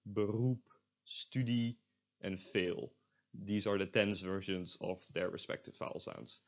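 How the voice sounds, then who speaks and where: A young man works through a beginner's language lesson, explaining each point step by step. He fills pauses with "uh" and "um" and often corrects himself mid-sentence. His voice sits on the low side, and the recording is dull and lo-fi, as if from a computer mic. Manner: explaining step by step, frequent fillers and self-corrections. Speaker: language teacher.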